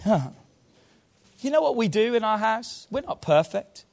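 A man preaching a sermon in a church service, moving fervently from quiet low asides to loud shouted calls. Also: expressive, normal speed, gravelly, slight background noise. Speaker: pastor.

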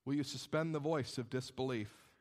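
A man's voice: medium pitch, normal speed, darkish tone. A male pastor preaching a sermon, dynamic and conversational, acting out doubters' voices along the way.

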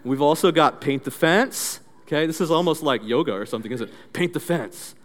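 A male pastor preaches an interactive sermon with animated storytelling and call-and-response drills. His voice sits a little higher than most men's. The long reverb of a church hall rings out behind him. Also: brisk.

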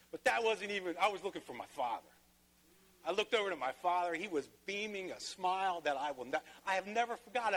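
A man's voice: high-pitched, very animated, fast talker, fairly bright tone. A man pastor preaching a sermon, telling a personal story and rising to emphatic peaks. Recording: long hall reverb.

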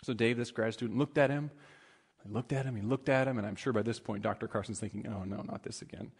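A man's voice: medium pitch, steady tone, quick pace, husky, big-room sound. A man preaching a sermon and telling a story in a conversational way, with frequent fillers and restarts.

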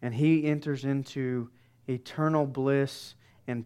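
Slow, emphatic preaching man. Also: medium pitch, steady tone, clean tone. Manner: emphatic preaching with dramatic soft pauses. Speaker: pastor. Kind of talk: sermon.

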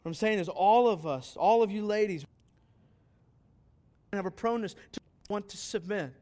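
High-voiced pastor preaching earnestly. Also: male voice, normal speed, dark tone. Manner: earnest, emphatic, asks rhetorical questions. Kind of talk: sermon.

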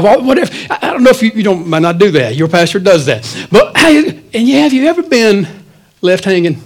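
A man, the pastor, preaching a sermon in a church, swinging between loud, animated stretches and quiet asides. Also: high-pitched, a little fast, poor audio.

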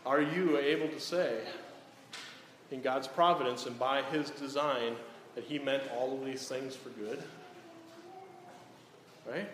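A man preaching a sermon in a church hall, asking rhetorical questions and dropping to a hush on solemn lines. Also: medium pitch, steady tone, slow pace, long pauses, a little hiss or hum. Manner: rhetorical, often tags lines with "right?". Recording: echoey hall, faint ambience.

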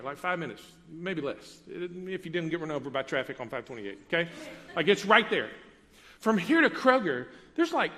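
A man's voice: a little high, fairly bright tone. A man preaching a sermon as pastor, talking conversationally and turning to ask the congregation questions. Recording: preached in a reverberant church hall.

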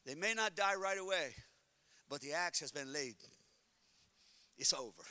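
A man preaching a sermon as pastor, swinging between quiet talk and shouting, and telling funny stories with acted-out inner voices. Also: a little high, animated, moderate pace, clean tone, no echo.

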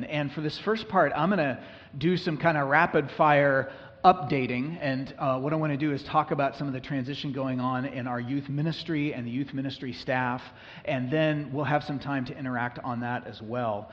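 Pastor addressing a church meeting in a reverberant hall. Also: male voice, mid-range voice, moderate pace. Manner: relaxed, conversational, with frequent fillers. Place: church room with a small gathering. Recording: dull live-stream recording in a reverberant hall.

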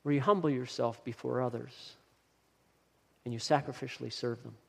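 A man's voice: mid-range voice, fairly even intonation, moderate pace, creaky, slightly rough, big-room sound. A man preaching a sermon earnestly, stressing and repeating key phrases as he builds each point. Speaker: pastor.

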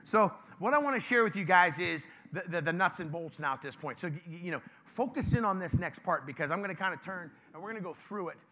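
Bright, high-voiced preaching man. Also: fast talker, few pauses. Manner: lively, conversational, joking with the congregation. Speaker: pastor. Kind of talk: informal sermon to a congregation.

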